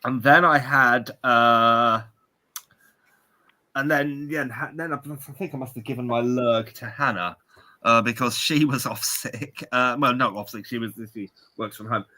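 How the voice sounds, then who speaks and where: A man's voice: mid-range voice, a little slow, bright, forceful tone. A British man in his forties co-hosting a podcast, telling rambling, self-mocking stories in casual chat. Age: 40s. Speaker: podcast co-host.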